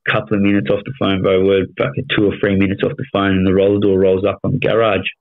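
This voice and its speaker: An Australian man in his thirties with a lowish voice tells his story bluntly, swearing often and checking in with "you know what I mean." The sound is thin and tinny, like a phone line. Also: completely flat delivery, quick pace, gravelly. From Melbourne, Australia. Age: 30s. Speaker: podcast guest. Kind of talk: casual storytelling interview.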